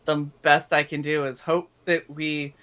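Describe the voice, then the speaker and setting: A woman's voice: sits low, level tone, measured pace, a bit bright. A young woman co-hosting a casual stream, animatedly telling stories, swearing freely and acting out quotes. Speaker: stream co-host. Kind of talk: casual storytelling chat.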